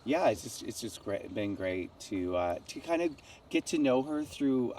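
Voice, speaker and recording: A man chatting casually outdoors at night, heaping warm praise on friends, halting and restarting as he searches for words. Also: mid-range voice, expressive, a little hiss or hum. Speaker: friend of the guest. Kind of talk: casual chat.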